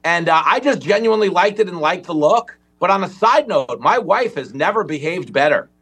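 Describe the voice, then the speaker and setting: A man as a comedian guest on a talk show, riffing with sarcastic deadpan jokes. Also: high voice, moderate pace, slightly rough.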